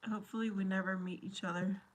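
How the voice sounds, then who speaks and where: A woman's voice: mid-range voice, fairly even intonation, fast talker. A woman hosting a casual live chat, talking to her viewers by name, playful and laughing often. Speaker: livestream host.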